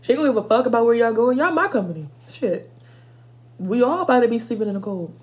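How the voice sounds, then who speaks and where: Animated young woman telling stories. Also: fairly high pitch, fast talker. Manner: animated, profane, talks to viewers as y'all. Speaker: vlogger. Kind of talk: casual storytime while eating.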